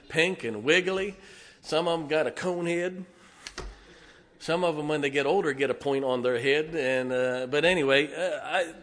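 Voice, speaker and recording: A man's voice: medium pitch, fairly bright tone. A middle-aged man, a pastor giving a folksy sermon full of jokes and heartfelt asides. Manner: folksy, joking, emotional asides, frequent uh fillers. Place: church sanctuary.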